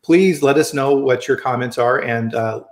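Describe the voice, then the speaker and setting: A man's voice: mid-range voice, moderate pace. Chatty American man hosting a livestream. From American Midwest. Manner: upbeat, chatty, warm greetings to viewers. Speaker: livestream host. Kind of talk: casual live-stream chat. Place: home studio, Colorado. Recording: roomy echoey home room.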